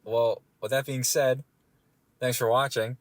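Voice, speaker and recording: A man's voice: mid-range voice, flat delivery, a little slow, dry recording. A young man co-hosting a podcast in casual chat, joking, laughing and trailing off mid-sentence. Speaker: podcast co-host.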